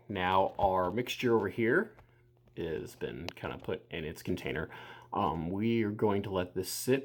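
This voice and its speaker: A man chatting casually through a home cooking experiment, laid-back and self-deprecating, with plenty of ums and uhs. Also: on the low side. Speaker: cooking vlogger. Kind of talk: casual vlog chat. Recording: echoey room, mic some distance away.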